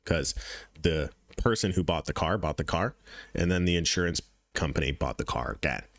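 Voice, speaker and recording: A man's voice: sits low, moderate pace, no room sound, clean studio sound. A man hosting a crypto trading channel, giving casual market commentary over charts in a blunt, profane way, repeating points for emphasis.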